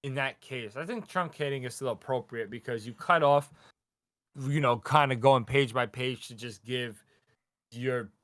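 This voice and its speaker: Podcast co-host guy, dry close mic, animated recap with swearing, mid pitch. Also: no room sound. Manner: animated, swearing, acting out characters in quick voices. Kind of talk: casual chat recapping a manga chapter.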